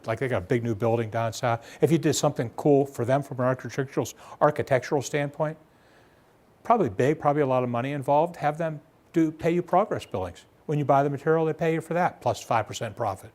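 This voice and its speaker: A man's voice: quick pace, darkish tone. A man giving a live small business seminar, talking in a conversational way full of rhetorical questions. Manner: conversational, rhetorical questions, acts out demanding debtor with raised pitch. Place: seminar room.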